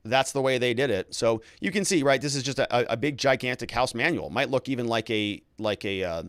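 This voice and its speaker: A man's voice: medium pitch, fairly quick, a bit bright, no room sound, studio quality. A man who hosts a legal commentary show, talking casually and sarcastically while reading documents aloud. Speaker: lawyer and legal commentary host.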